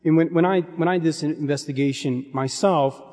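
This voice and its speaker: A man preaching a sermon in an earnest, measured way, dropping his voice to a hush on key phrases. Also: on the high side. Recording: long hall reverb.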